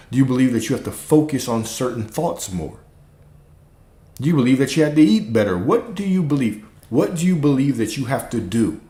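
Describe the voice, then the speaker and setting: A man with a fairly low voice speaks as a spiritual coach on a livestream, relaxed and repetitive, often asking rhetorical questions and checking in with a quick "okay?". His voice carries a noticeable room echo. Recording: roomy echo.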